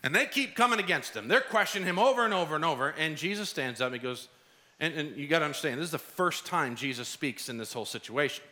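Bright-voiced animated male preacher. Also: on the high side, fast. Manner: animated, acts out voices of the people in the story. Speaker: pastor. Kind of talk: sermon.

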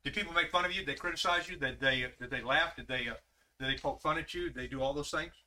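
Man preaching, slightly high bright voice, keeps quizzing the room and repeating himself. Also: quick pace, slight background noise. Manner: questioning the listeners directly, repeating phrases. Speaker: preacher leading a Bible study. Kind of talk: interactive sermon.

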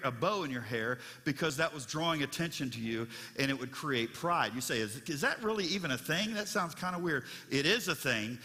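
A man's voice: fairly high pitch, bright, forceful tone, in a large hall. A man preaching a sermon as pastor of his church, conversational and storytelling, with frequent restarts.

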